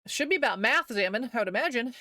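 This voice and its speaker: A woman's voice: on the high side, expressive, fast talker, sharp tone, no echo, studio quality. A young American woman streaming live, chatting casually with her viewers, rambling and laughing often as she reads chat aloud.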